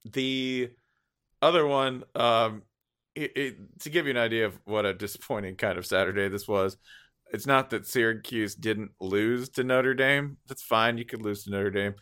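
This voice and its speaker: A man's voice: lowish voice, normal speed, a bit bright, smooth. A man co-hosting a sports podcast, joking in casual banter and laughing often. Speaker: podcast co-host.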